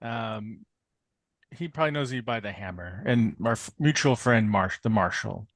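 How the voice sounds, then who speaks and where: A man's voice: lowish voice, animated, moderate pace, no echo. A man playing in a tabletop game, chatty and laughing at himself. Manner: laughing, self-deprecating. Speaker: player. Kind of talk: casual tabletop play.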